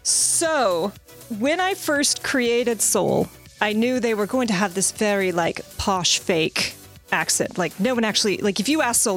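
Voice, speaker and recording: A woman's voice: medium pitch, lively intonation, unhurried, a bit bright, soft background music. A woman in casual podcast chat about her tabletop role-playing character, talking freely with lots of fillers. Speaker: tabletop game player.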